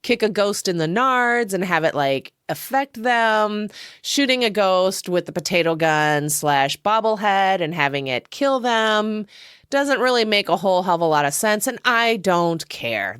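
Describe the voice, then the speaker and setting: A woman's voice: on the low side, fairly bright tone, clear, resonant tone, dry recording, studio quality. A woman hosting her own podcast, giving a casual, rambling film review with frequent chuckles and self-deprecating asides. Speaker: podcast host.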